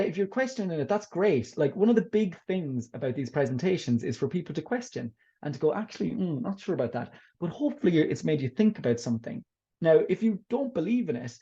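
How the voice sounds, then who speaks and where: A man's voice: mid-range voice, mellow, lo-fi sound. A man presenting a teaching workshop in a webinar, upbeat and encouraging as he answers questions from teachers. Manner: upbeat and encouraging, talks teachers through tips. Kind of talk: webinar talk and Q&A.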